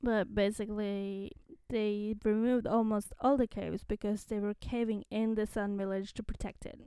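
A woman co-host discusses comic issues in a relaxed chat, and her voice comes across smooth and clear at a middle pitch. The recording is close and dry. She often slips into little acted lines for the characters. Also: moderate pace, no echo. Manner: paraphrases characters with lively acted-out quotes. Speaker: podcast co-host. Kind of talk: casual chat about comics.

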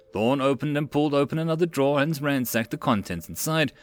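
A man narrating a web-novel audiobook in an expressive reading voice. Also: mid-range voice, fast talker.

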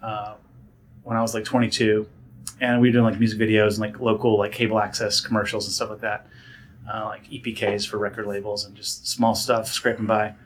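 A man telling stories in a casual interview, animated and full of fillers and restarts, often acting out other people's voices. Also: on the low side, a little fast, slight background noise. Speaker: guest, director and actor.

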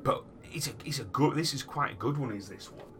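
A man's voice: mid-range voice, expressive, a little fast, crowd noise. Rambling man telling a tale. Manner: rambling, restarts, dramatic asides. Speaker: podcast storyteller. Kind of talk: casual storytelling chat. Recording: noisy background.

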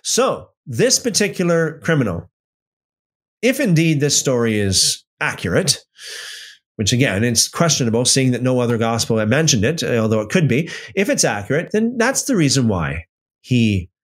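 Animated man teaching the Bible. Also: medium pitch, normal speed, husky. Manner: animated, emphatic, frequent restarts and fillers.

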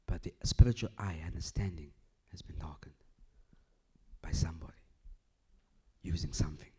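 A man preaching a sermon, swinging from loud emphatic bursts to hushed low lines and repeating phrases as he builds a point. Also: normal speed, slightly rough.

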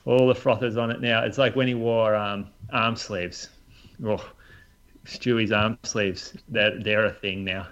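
Low-voiced aussie coach guy, opinionated, bit muffled lo-fi sound. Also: fairly even intonation, a little slow, a bit bright. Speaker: podcast co-host, running coach. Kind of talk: casual chat.

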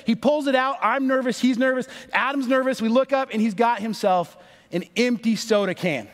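A man in his thirties, a pastor telling a story in a sermon, animated and acting out the voices of the people in it. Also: very high-pitched, brisk. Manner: animated, acts out voices in stories. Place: church sanctuary. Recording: long reverb of a large hall.

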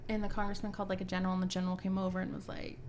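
A woman's voice: lowish voice, monotone, very fast, darkish tone, slight background noise. A woman co-hosting a podcast, animatedly retelling a book chapter in casual chat, swearing freely. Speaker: podcast co-host.

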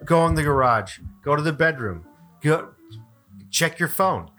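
A man's voice: fairly high pitch, expressive, unhurried, fairly bright tone, faint music behind. A man hosting a podcast in casual chat, joking, crude and often laughing. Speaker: podcast host.

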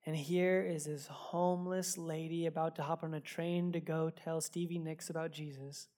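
A man's voice: a little high, little pitch movement, moderate pace, darkish tone. A man preaches in a church service, speaking directly to his congregation. His sermon unfolds in a loose, conversational way, with personal stories and self-deprecating jokes. He often repeats a word or two before a thought comes out. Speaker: pastor.

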